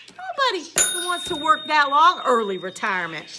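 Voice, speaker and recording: Woman teacher, bright high voice, sarcastic rant. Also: big pitch swings, normal speed, a little hiss or hum. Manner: sarcastic, blunt, swears. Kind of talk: casual ranting vlog.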